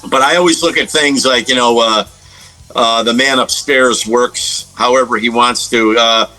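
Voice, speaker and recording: A man's voice: mid-range voice, fairly even intonation, normal speed, pushed and bright, soft background music, poor audio. A middle-aged man from the United States, a guest guitarist telling stories in a casual interview, rambling with many fillers and restarts.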